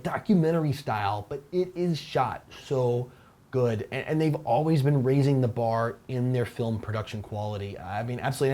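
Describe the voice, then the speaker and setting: Rambling male airsoft show host. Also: medium pitch. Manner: relaxed, rambling, with fillers and restarts. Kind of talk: casual Q&A chat. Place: Taiwan.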